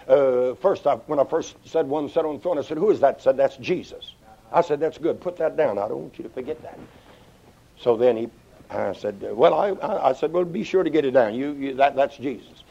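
Male preacher, animated sermon delivery, mellow tone, lo-fi tape sound. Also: fairly quick. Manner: animated, sweeping pitch swings, quotes scripture in old English. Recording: dull lo-fi old sermon tape.

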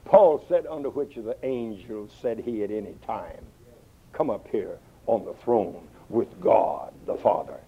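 A man preaching a sermon in an animated way, quoting scripture in old English wording and swinging his pitch widely. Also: measured pace, breathy edge. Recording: dull lo-fi old sermon tape.

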